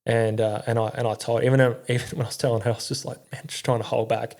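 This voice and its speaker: Aussie bloke talking low and gravelly, pretty flat delivery, lots of ums and swearing, candid interview chat. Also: male voice. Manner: halting, with many fillers and frequent swearing. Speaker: podcast guest, army veteran.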